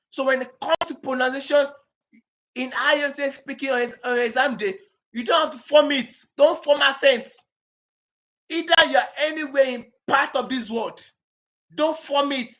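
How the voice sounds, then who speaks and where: A man's voice: very high-pitched, moderate pace, fairly bright tone. A man with a Nigerian accent, an exam-prep tutor teaching a lesson. He repeats key phrases and throws questions back at the listeners to check they follow. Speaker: IELTS speaking tutor. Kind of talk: classroom lesson with call-and-response.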